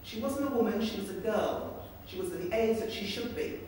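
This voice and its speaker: A woman's voice: medium pitch, fairly quick. A woman speaks to a gathering in a large meeting room, telling stories and slipping into the voices of the people in them. Her mid-range voice carries from a distance, and it rings around the very echoey hall with a faint hiss underneath. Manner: lively storyteller who acts out voices. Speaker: campaign speaker. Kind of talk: storytelling speech.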